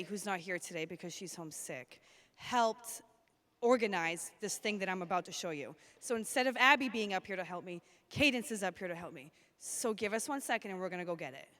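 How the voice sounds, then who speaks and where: A woman's voice: mid-range voice, fairly bright tone. A woman addressing children at a school assembly, upbeat and chatty as she calls out names and classes from the stage. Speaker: school staff member presenting at an assembly.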